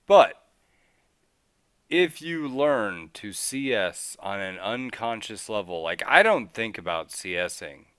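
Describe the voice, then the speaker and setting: A man hosting a casual gaming podcast, explaining things in an animated way and acting out his own thoughts in quick little voices. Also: on the low side, clear, resonant tone, no echo. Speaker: podcast host.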